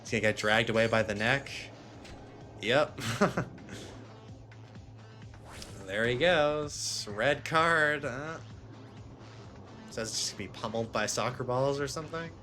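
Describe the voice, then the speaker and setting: A man's voice: medium pitch, unhurried, long pauses, sharp tone, faint music behind. A young man giving amused, chatty commentary while playing a game. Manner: chatty, amused, laughing asides. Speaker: let's play gamer.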